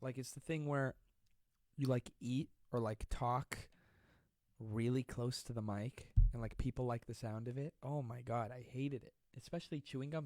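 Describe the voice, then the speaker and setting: A man's voice: mid-range voice, a little mellow, no room sound. A man hosting a casual comedic live stream from home, joking and self-mocking as he rambles between stories and reading comments. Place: at home during quarantine. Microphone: close desk mic.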